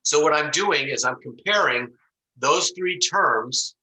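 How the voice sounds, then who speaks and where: Guy teaching over an online class, real bright edgy voice, kinda high, acts out little voices in his story. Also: expressive, slow pace, rough recording. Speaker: instructor.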